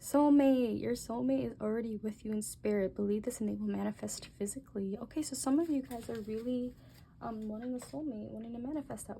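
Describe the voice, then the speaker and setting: Young woman, tarot reader, casual, gentle, musing, gravelly, mid pitch. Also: slight background noise. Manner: gentle, musing, exclaims softly at cards.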